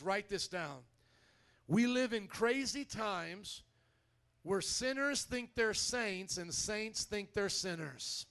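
High-voiced energetic preaching man. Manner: energetic, conversational preaching with audience call-outs. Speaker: pastor. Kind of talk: sermon. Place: church.

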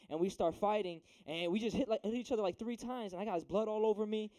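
A young man preaches to a room of teens in an easy, slangy way, keeping up a steady stream of "right?" and "dude." His voice sits high but sounds mellow and warm. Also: fast talker, few pauses. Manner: slangy, chatty, asks "right?" often. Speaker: youth preacher. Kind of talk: casual youth sermon.

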